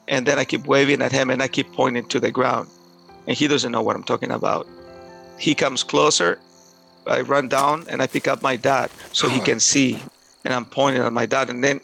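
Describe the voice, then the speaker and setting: A man telling a personal story aloud in a halting way, often repeating words and restarting. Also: medium pitch, gravelly, a bit bright, low-quality recording.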